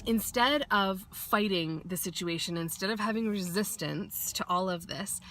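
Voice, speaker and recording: A woman's voice: medium pitch, moderate pace, sharp tone, a little hiss or hum. Chatty, blunt-talking woman vlogger. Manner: chatty, swears freely, acts out quotes. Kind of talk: casual motivational talk.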